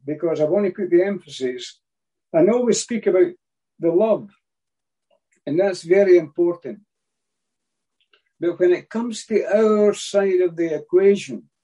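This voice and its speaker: A man's voice: high voice, dark tone, slightly rough, low-quality recording. A man preaching a sermon, emphatic and repeating his key phrases.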